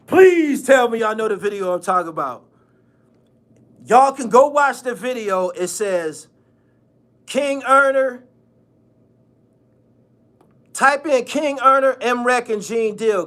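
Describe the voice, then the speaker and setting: A New man hosts his channel in a loose, mocking rant. He repeats phrases over and over and breaks into laughter. His voice sits high and swings widely in pitch. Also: animated, unhurried, a bit bright. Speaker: channel host. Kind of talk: casual vlog rant.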